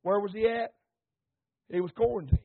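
A man preaching an impassioned sermon, repeating phrases, asking the congregation questions and rising to shouts. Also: sits high, moderate pace. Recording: tinny phone-like recording.

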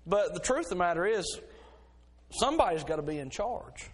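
A middle-aged man delivers a sermon from the pulpit, his voice sitting a little high for a man. He tells homely stories in a relaxed, folksy way, then builds into fervent, insistent preaching. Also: moderate pace, breathy edge. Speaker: pastor.

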